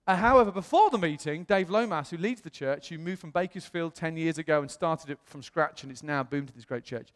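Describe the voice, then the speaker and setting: British male pastor, higher-pitched voice, animated storytelling sermon, long hall reverb. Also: a little fast, hardly any pauses. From England. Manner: animated, acts out quoted voices.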